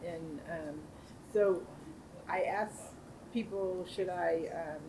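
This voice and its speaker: A woman speaks in a hesitant, halting way, filling her pauses. There is room noise audible behind her. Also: fairly low pitch. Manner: hesitant, halting, many fillers. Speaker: attendee asking a question. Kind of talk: casual group discussion.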